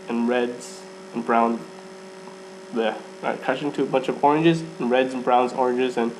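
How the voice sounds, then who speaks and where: A man with a middle-pitched voice reads a first-person fan story aloud. He often trips over words and restarts lines. A faint background hum sits under his voice. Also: gravelly. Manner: stumbles and restarts, laughs at himself. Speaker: fan fiction reader.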